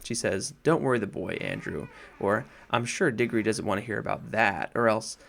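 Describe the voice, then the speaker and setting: A man's voice: fairly low pitch, moderate pace, gravelly, fairly bright tone. A man voicing a miserable, wound-up young boy in a storybook reading, close to his own voice. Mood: secretive.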